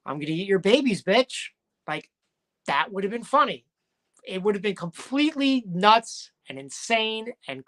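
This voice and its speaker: A man's voice: high voice, bright, forceful tone. Rambling joking man recapping wrestling. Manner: rambling, joking, self-correcting. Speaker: podcast co-host. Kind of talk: casual wrestling recap talk.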